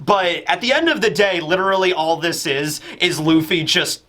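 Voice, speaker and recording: Animated joking man reviewing comics. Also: sits high, normal speed. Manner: animated, joking, lots of fillers. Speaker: manga reviewer. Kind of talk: casual comedic chapter review.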